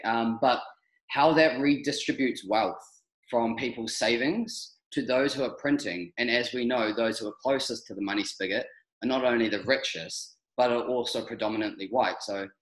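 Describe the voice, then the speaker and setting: A man's voice: mid-range voice, echoey room, poor audio. A man hosting a podcast interview, asking questions in a thoughtful, hesitant way. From New Zealand. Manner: thoughtful, hesitant, many ums. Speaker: podcast host.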